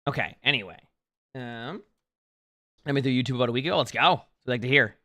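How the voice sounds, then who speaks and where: Bright-voiced young man chatting on stream. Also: mid-range voice, quick pace. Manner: rambling, many restarts and fillers, chatty with viewers. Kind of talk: casual livestream chat.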